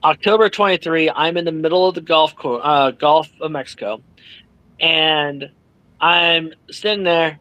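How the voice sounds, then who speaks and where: A man being interviewed as an author, telling a story with lively energy, swearing freely and acting out what others said. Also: on the high side, measured pace, dry recording, highs cut off. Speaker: author guest. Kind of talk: animated storytelling in casual chat.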